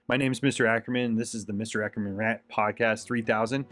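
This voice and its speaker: A man's voice: fairly low pitch, steady tone, fast talker, fairly bright tone, soft background music. A man hosting his own podcast, giving an earnest, repetitive motivational monologue with emphatic pushes. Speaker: podcast host.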